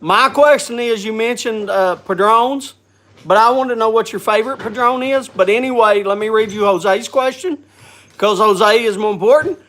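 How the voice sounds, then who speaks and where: Congested man chatting haltingly. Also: high-pitched, a bit bright. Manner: halting, restarts with repeated words. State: congested with a cold, coughing. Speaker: host. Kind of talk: casual livestream chat.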